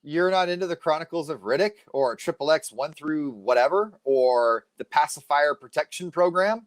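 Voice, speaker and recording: A man co-hosting a casual chat show, animated and jokey, acting out other people's lines as he tells stories. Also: on the high side, normal speed. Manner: animated, jokey, mimics people mid-story. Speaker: co-host.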